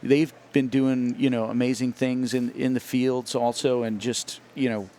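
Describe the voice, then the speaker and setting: Male interview guest, mid pitch, steady explainer who restarts and repeats words, studio sit-down. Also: a little slow, a little hiss or hum. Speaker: guest, cigar company founder. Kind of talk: casual interview.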